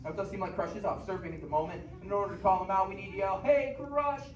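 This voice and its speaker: A man's voice: high-pitched, steady tone, rapid-fire, recorded from a distance, lo-fi sound. A man working as a theme park cast member, giving a friendly safety briefing to an audience in an indoor theater. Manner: friendly instructive, addresses kids. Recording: echoey theater from afar, noisy.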